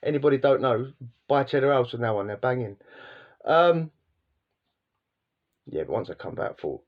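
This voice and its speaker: A man in a casual vlog, spinning a loose, slangy story. He restarts sentences and repeats himself as he goes, at an ordinary male pitch. The recording is a little dull and muffled. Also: sing-song, moderate pace, pauses often. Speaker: vlogger.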